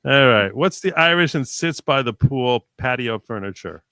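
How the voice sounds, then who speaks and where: Bright-voiced male streamer reading chat. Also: medium pitch, animated, smooth, dry recording. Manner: reads viewer jokes aloud with quick reactions. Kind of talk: casual live-stream chat.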